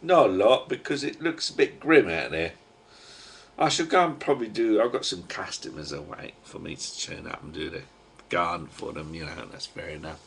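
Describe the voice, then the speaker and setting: A low-voiced man with a thick Cockney accent talks to his webcam from home. He drifts from one thing to the next in a gruff, slangy ramble, throwing in the odd mild curse. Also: animated, moderate pace, a bit bright, slight background noise. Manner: chatty, digressive, gruff slang and mild swearing. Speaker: webcam vlogger. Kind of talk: rambling casual monologue to a webcam.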